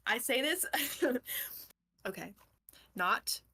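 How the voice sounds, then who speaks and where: A woman's voice: fairly high pitch, animated, extremely slow, sharp tone, slightly rough. A young woman chatting casually as a book club podcast co-host. She rambles, laughs often and drops swear words without thinking about it. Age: young adult.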